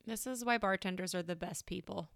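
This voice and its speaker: Woman, podcast co-host, bright voice, dry close sound, wry jokes. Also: lowish voice, brisk, creaky, no room sound. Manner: wry, joking asides. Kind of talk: casual chat.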